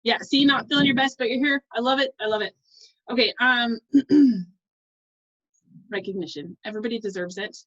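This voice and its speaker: A woman's voice: on the high side, a bit bright, dull audio. Effusive woman leading a team call. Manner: fast, effusive, self-interrupting. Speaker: team leader on a coaching call. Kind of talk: casual motivational team call.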